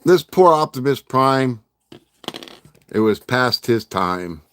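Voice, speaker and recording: A man's voice: medium pitch, sing-song, slow, fairly bright tone, a little hiss or hum. A middle-aged man hosting a casual livestream, rambling and joking with his chat and laughing often. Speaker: livestream host.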